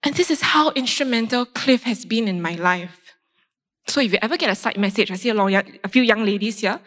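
A woman, a doctor giving a faith testimony and telling her story in a lively way, acting out her own reactions. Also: on the high side, a little fast. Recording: long reverb in a large hall.

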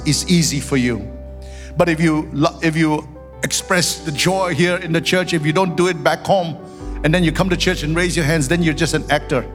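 A male pastor delivering a sermon in a church, his voice sitting a bit high. He moves from storytelling into fervent prayer. The sound rings with a long hall reverb over faint music. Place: church sanctuary.

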